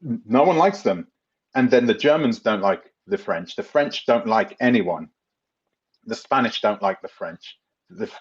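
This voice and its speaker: A man with a London accent chats through a live Q&A, drifting from point to point and calling out viewers by name. His voice sits fairly low. The stream audio is dull and lo-fi. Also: breathy edge. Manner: chatty, rambling, laughs often, addresses viewers by name. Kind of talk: live Q&A reading viewer comments.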